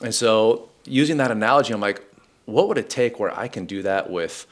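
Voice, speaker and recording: A man's voice: on the low side, animated, brisk. A middle-aged man hosting a podcast, speaking reflectively in casual conversation and telling personal stories. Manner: reflective storyteller, acts out quoted voices. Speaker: podcast host.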